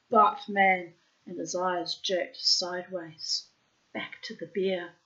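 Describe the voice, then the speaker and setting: A woman reading a storybook aloud at a very slow, deliberate pace. Her voice is bright and forceful, moving expressively up and down in pitch. The recording has a dull, muffled sound. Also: steady tone. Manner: slow, dramatic read-aloud with playful asides. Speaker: storybook reader. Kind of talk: storybook narration.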